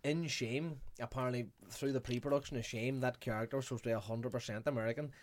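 A man's voice: medium pitch, fairly even intonation, fast talker. A man, casually chatting about films as a podcast co-host, rambling and swearing. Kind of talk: casual film chat.

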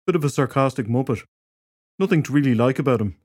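A man voicing a chatty, cheeky druid in an audiobook, pitched a bit above his narrating voice. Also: expressive, quick pace, darkish tone, dry recording, clean studio sound, lightly acted.

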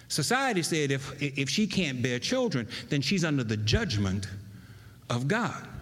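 A man preaching a sermon, swinging between loud emphasis and hushed, near-whispered lines. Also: medium pitch. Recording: long reverb of a large hall.

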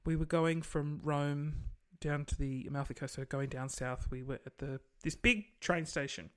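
A woman telling a story in casual podcast chat, animated, acting out the people she quotes. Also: sits low, normal speed, clean tone. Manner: animated, acts out quoted voices.

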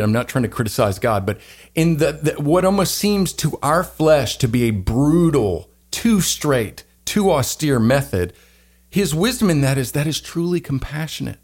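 An earnest man holding forth in a sermon-like discussion, his voice sitting in an ordinary middle range. He talks with animated emphasis and breaks into playful acted-out voices when making a point. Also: mid-range voice. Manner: animated, acts out quoted voices. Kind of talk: preachy faith discussion.

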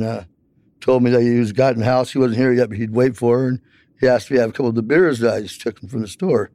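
A man's voice: medium pitch, dark tone, no room sound. A man telling a long personal account in an interview, rambling with many fillers.

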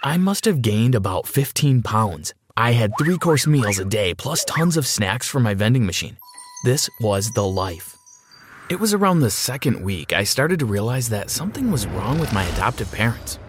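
A man narrating a first-person story in an expressive storytelling manner. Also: medium pitch, normal speed, slight background noise.

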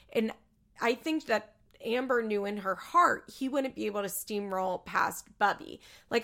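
A woman's voice: mid-range voice, creaky, a bit bright. A woman giving an opinionated, casual recap of a reality show, acting out what the people said. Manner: chatty, opinionated, acts out quotes. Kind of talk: casual commentary.

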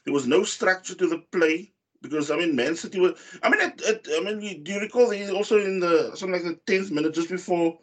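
A man's voice: high-pitched, fast. A man in casual football chat, rambling with many fillers and restarts as he recaps a match. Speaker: football podcast co-host.

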